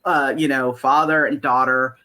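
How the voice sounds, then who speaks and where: A woman who created an animated series chats freely about her cast, filling pauses with ums and slipping into lively voices when she quotes people. Her voice is bright and forceful. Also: extremely low pitch. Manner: chatty, many fillers, acts out quotes in lively voices. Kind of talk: casual interview chat.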